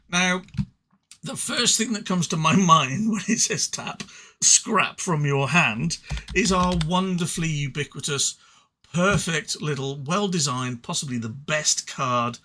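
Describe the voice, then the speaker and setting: Bright-voiced rambling English man. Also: a little high, slight background noise. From England. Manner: rambling, self-deprecating, stuttering restarts. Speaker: card game reviewer. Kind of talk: casual solo review.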